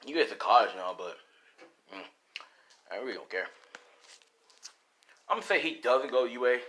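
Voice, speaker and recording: A man's voice: mid-range voice, animated, moderate pace, a bit bright. A man casually making up and narrating a fan story, rambling with many fillers. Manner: rambling, full of "you know" and "like".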